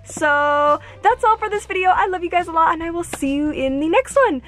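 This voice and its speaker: A woman vlogging an unboxing, gushing and squealing with excitement. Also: extremely high pitch, a little fast.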